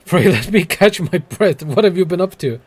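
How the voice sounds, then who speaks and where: A man's voice: high voice, lively intonation, normal speed, a little mellow, breathy edge, pitched above the performer's own voice. A man voicing a weary, out-of-breath man in a game, gasping and dramatic as he pleads. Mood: exhausted.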